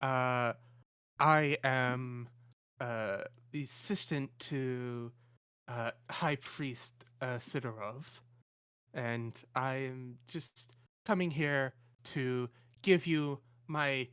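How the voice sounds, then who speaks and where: A man plays a jittery young assistant to a high priest in a tabletop game, tripping over his own words. The voice is smooth and clear. The recording is dry and close. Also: fairly even intonation, very slow, a bit bright, no echo. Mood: flustered. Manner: hesitant, stumbling with many "uh"s. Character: nervous young male assistant priest, flustered.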